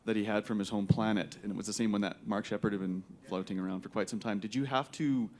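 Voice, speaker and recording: A man from the audience at a convention, asking an actor a question in a halting, admiring way with many restarts. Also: fairly low pitch, fairly even intonation. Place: convention hall.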